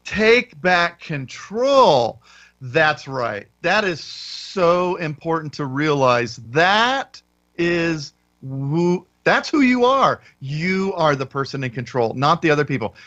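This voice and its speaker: A man's voice: fairly high pitch, lively intonation, slow pace, pushed and bright. Sarcastic man co-hosting a radio show. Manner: sarcastic, stumbling, repeats words. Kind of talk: casual radio talk banter. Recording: dull lo-fi radio broadcast.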